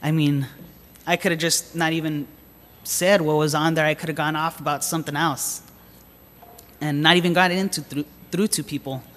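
A man giving a sermon in a slightly high voice, moving between scripture readings and a relaxed personal story full of little fillers. The sound rings with a long reverb, as in a big hall. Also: normal speed. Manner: reads scripture aloud, then tells a story in casual hesitant talk with fillers. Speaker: lay preacher.

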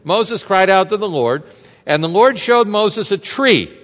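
High-voiced pastor preaching in a reverberant hall. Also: male voice, lively intonation, a little slow, fairly bright tone. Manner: conversational, asks the congregation rhetorical questions. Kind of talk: expository sermon.

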